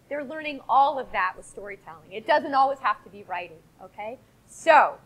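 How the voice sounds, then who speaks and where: High bright woman leading a storytelling session. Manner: animated, coaxing audience to join in. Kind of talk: interactive storytelling with audience. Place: hall with a live audience.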